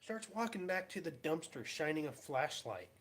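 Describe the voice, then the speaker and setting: A man's voice: fairly high pitch, sing-song, moderate pace, fairly bright tone. A man chatting casually in a vlog, telling wry, rambling stories about his day. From Pacific Northwest of the US. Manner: rambling, wry storytelling with mocking voices. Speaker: vlogger.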